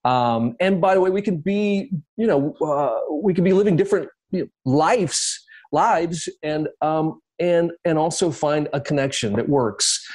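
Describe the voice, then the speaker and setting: A man's voice: on the high side, unhurried, a little mellow. A man, a guest on a podcast, talking casually and reflectively about interviewing artists, with lots of fillers and restarts. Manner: reflective, rambling with many fillers.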